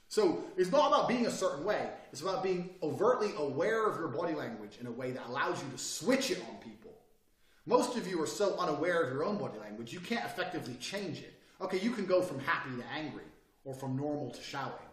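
A brash man lectures on body language, cursing freely. His pitch runs higher than most men's and moves constantly, and he swings between near-shouts and low murmurs. The sound is roomy and echoey, with the mic set back from him. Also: sing-song, quick pace. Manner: profane, brash, swings between loud and quiet. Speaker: self-improvement speaker. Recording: echoey room, distant mic.

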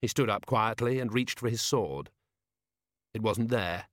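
A man reading a novel aloud in measured, wry scripted narration. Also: lowish voice, fairly bright tone, no echo, studio quality. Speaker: audiobook reader.

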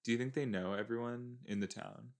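Talking a little fast in a mid-range voice, this early-twenties reaction host chats loosely as he watches a TV episode, openly exasperated and arguing with what's on screen.

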